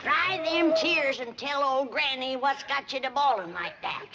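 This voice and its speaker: An actress playing a feisty old hillbilly granny with a twangy drawl, in a 1960s sitcom. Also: female voice, high-pitched, a little slow, dull audio, very noisy. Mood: coaxing. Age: older. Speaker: sitcom character. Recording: old TV sitcom audio with loud studio laugh track.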